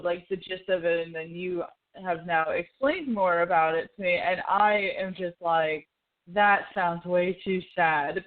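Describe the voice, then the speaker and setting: A woman co-hosting a podcast, teasing her partner and laughing often in casual chat. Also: fairly low pitch. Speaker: podcast co-host. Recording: phone-like narrow band.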